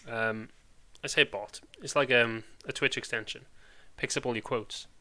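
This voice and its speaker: A man's voice: medium pitch, fairly even intonation, moderate pace, pushed and bright. A man with a Welsh accent, chatting casually and rambling on a live stream, full of British slang.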